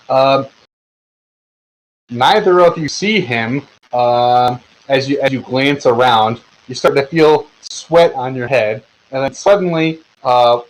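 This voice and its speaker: Narrating as game master in an online voice chat, a man in a mid-range voice rambles through a tabletop game, stumbling into fillers and restarting his sentences. The sound quality is poor.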